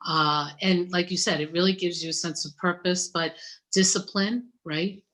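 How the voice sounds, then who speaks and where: A woman in her fifties hosts a relaxed interview over a video call. She talks in a chatty, effusive way, joking and heaping praise. Her voice sits slightly low for a woman. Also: normal speed. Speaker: interviewer, university gift planning director.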